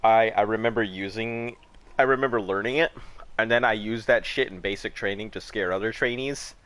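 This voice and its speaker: A man's voice: lowish voice, brisk, fairly bright tone. A man in his thirties chatting casually while he plays a game, telling stories full of swearing and laughter. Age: 30s. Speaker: gaming streamer. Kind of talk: casual chat while gaming.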